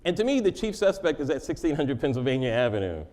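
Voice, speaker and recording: A man's voice: medium pitch, very animated, fast talker, a little mellow. A man answering interview questions in a joking, conversational way, laughing often. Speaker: interview guest.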